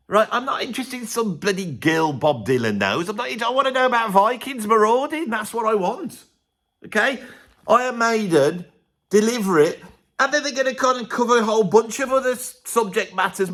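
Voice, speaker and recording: A man, a music vlogger, ranting to camera in a casual, opinionated way, sarcastic and swinging between loud outbursts and muttered asides. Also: high voice.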